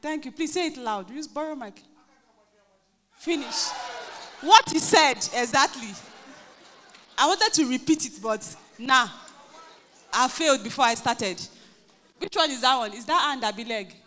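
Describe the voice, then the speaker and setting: A Nigerian woman pastor preaching a lively sermon, acting out quotes and joking with her congregation. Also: high-pitched, a little slow, pauses often. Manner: animated, acts out quotes, jokes with the congregation. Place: church hall. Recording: reverberant church hall.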